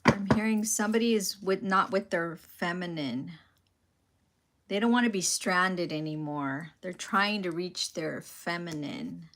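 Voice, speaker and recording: A woman with a lowish voice reads tarot cards for an unseen audience. She talks very slowly and pauses often as she muses over what she senses. Faint noise and small clicks sit behind her. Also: a bit bright. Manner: slow, pausing, intuitive musing. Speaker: tarot reader. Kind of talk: live tarot reading.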